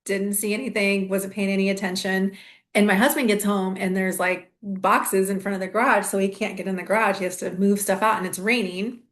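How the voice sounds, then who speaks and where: A woman's voice: medium pitch, steady tone, fairly quick, fairly bright tone. A middle-aged woman hosting an astrology channel, talking through a reflective spiritual monologue in a meandering way, with many restarts and fillers.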